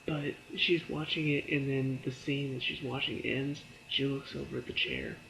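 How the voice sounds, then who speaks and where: A man's voice: mid-range voice, steady tone, moderate pace, gravelly, a bit bright, a little hiss or hum, low-quality recording. A man casually reviewing a TV episode in a chatty way, with lots of fillers, breaking into laughs and acting out characters' lines as he retells scenes. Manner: briefly acts out characters' lines in quotes.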